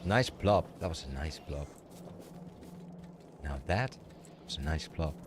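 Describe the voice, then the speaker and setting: A man's voice: very deep voice, animated, slow pace, noisy background. A man streaming a game, chatting casually and rambling with strong opinions. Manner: rambling, opinionated, restarts often. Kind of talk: casual livestream chat while playing. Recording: music playing loudly behind.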